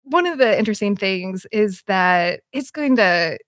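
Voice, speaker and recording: A woman talking casually as a podcast guest, animated, with many fillers and restarts. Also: medium pitch, unhurried, no echo, studio quality. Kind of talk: casual conversation.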